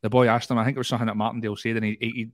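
A Scottish man hosts a laid-back football chat on a close, dry mic with no room sound. His pitch sits mid-range, and he rambles and repeats words as he works his way to a point. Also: little pitch movement, very fast, no room sound. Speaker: podcast host.

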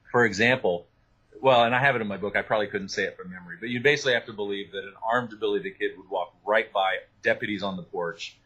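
A man, an author, talking through his research in an animated interview, with many restarts and asides. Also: lowish voice, slightly rough, rough recording. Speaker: author and guest. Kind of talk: interview conversation.

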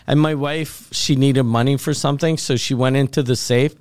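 A man's voice: mid-range voice, steady tone, moderate pace, darkish tone, clean tone, no room sound, studio quality. A man co-hosting a podcast, telling a rambling, crude story in casual banter. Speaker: podcast co-host.

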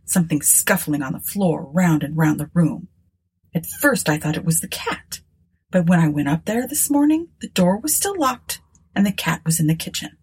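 A woman's voice: low voice, lively intonation, moderate pace, a little mellow, slightly rough, exaggerated voice. Tabitha, a woman doing a grim miserly spinster. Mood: eerie. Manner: scornful, grim, menacing.

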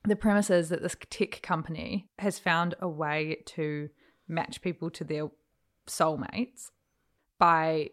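A woman, co-hosting a casual chat and telling stories with animated energy and laughter. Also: sits low. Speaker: podcast co-host.

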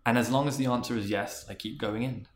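A man's voice: medium pitch, fast talker, roomy sound, a little hiss or hum. A man, a marketing executive and interview guest, sharing a career story in an earnest, reflective way, often restarting and repeating words.

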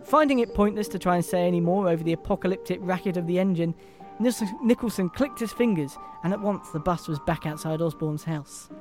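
High-voiced English man reading a comic tale. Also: fairly quick, a little mellow, soft background music. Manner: reads dramatically, breaking off into laughter and asides. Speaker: podcast co-host reading a comic Christmas story. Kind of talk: comic story reading on a podcast.

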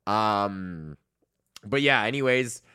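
A man's voice: lowish voice, animated, takes it slowly, bright, forceful tone, clean tone. A young man hosting his own comedy podcast, ranting in a rambling, profane way, laughing often and slipping into mock voices. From Canada. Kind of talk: solo comedic rant.

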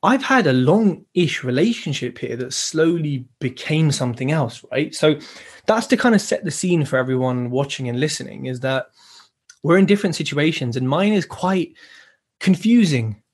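Man, slightly high voice, husky, reflective casual talk. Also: lively intonation, moderate pace. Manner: reflective, leans on "you know" and "right". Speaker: podcast co-host. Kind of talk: casual conversation.

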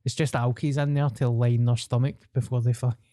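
Deadpan glasgow guy on a podcast, swears a lot, mellow voice, dry close sound. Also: medium pitch, fairly quick, no room sound. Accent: Glaswegian. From Scotland. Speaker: podcast co-host. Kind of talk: casual chat.

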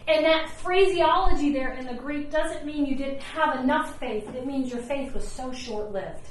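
A woman preaching a sermon to a gathered room, animated and conversational, often acting out quotes in other voices. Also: high-pitched, moderate pace, few pauses, very echoey, far from the mic, a little hiss or hum, poor audio. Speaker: ministry leader preaching.

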